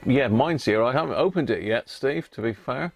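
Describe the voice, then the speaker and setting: A man with a slightly rough, mid-range voice hosts a laid-back livestream chat. Addressing viewers by name, he stumbles now and then over unfamiliar words.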